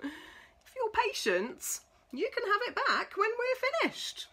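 A woman's voice: extremely high pitch, sing-song, takes it slowly, pushed and bright, voice pushed up, exaggerated voice. A woman voicing a band of cheeky, playful monkeys in a storybook, teasing and sing-song.

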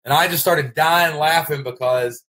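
A man's voice: fairly high pitch, unhurried, sharp tone. A man with a Kentucky accent hosting a casual vlog, speaking in a folksy, emphatic way and often repeating his phrases. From Kentucky, United States. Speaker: host, online business coach.

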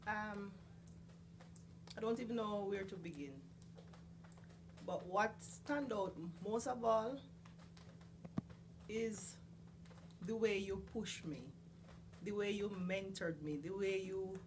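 A woman recording a heartfelt farewell tribute to a mentor, speaking earnestly with pauses. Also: mid-range voice, noisy background. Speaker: coworker giving a farewell message.

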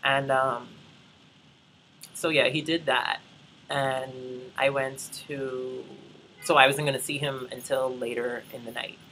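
Slow and flat in delivery, this medium-pitched voice sounds bright and forceful as a young Bahamian vlogger tells a rambling travel story. Viewers are addressed straight on as y'all, with chatty asides throughout. The recording is low quality, with a little hiss or hum.

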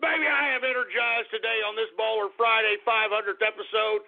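A man hosting a talk radio show, brash and boastful, whooping and shouting with excitement. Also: sits high, brisk, gravelly. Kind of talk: boisterous talk radio monologue. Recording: tinny phone-like radio audio.

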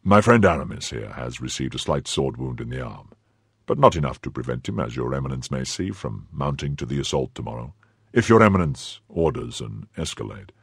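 A firm, courteous musketeer with a very deep, husky voice, speaking in a measured, respectful way, as a male narrator puts him on. The recording is close and dry. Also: sing-song, fairly bright tone, no room sound, exaggerated voice.

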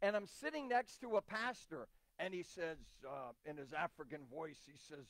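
A man's voice: on the high side, moderate pace, few pauses, fairly bright tone, no echo. A man preaching a sermon as a visiting missionary, emphatic and repeating key phrases. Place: church.

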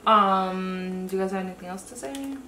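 A young woman talks in an easygoing, slangy way, agreeing and giving opinions during a casual reaction chat. Her pitch is mid-range. She sounds echoey, with a faint hiss in the room. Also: moderate pace, sharp tone. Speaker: co-host.

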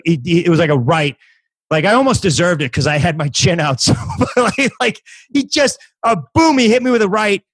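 A man's voice: fairly high pitch, dry recording, rough recording. Rambling man in his fifties. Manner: rambling with many restarts and acted quotes. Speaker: podcast guest comedian. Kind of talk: casual storytelling chat.

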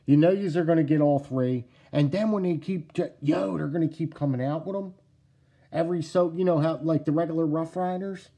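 A middle-aged man with a New Jersey accent talks casually to his camera at home. His voice sits a little high for a man but sounds dark and mellow. He is excitable, repeats himself, and keeps calling his viewers "guys" and "yous.". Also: brisk. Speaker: knife collecting vlogger. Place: at home indoors.

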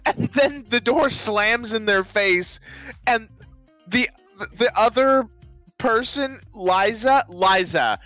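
Bright, slow-talking animated podcast voice. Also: mid-range voice, dry recording, soft background music. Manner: animated, acts out scenes with loud screams. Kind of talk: casual movie review chat.

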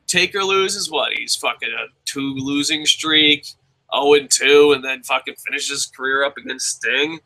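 A man's voice: medium pitch, measured pace, rough recording. A young man hosting a podcast, chatting casually and profanely as he reads out listener comments. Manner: profane, rambling, excitable. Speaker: podcast host.

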